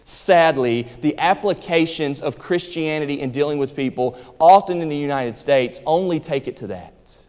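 A high-pitched man preaches a sermon from a church pulpit. His delivery is emphatic, dropping into slow, stressed phrases and then racing through asides. The voice rings with a long hall reverb. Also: a little mellow. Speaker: pastor.

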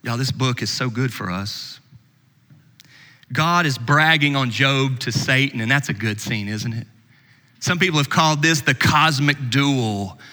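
A man preaching a sermon as pastor, swinging between loud emphasis and hushed asides. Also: mid-range voice, a little slow, long reverb tail.

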